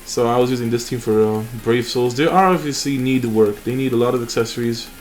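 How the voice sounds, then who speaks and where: A man's voice: mid-range voice, brisk, darkish tone, faint music behind. A young man hosting a mobile game channel, chatting casually and rambling with fillers and restarts over his gameplay.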